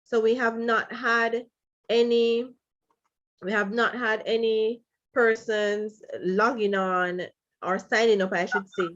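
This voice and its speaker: Over a computer mic on a live video call, a woman teaches freelancing in a live-stream chat, speaking casually and emotionally with small laughs between phrases and repeated apologies. Her voice is a little high and the audio sounds dull.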